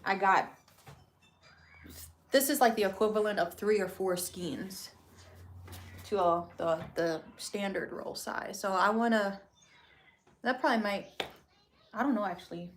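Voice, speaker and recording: A woman's voice: mid-range voice, a little slow, pauses often, a little hiss or hum. A woman chatting casually in a home craft vlog, rambling with lots of fillers and restarts. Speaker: craft vlogger and small shop owner.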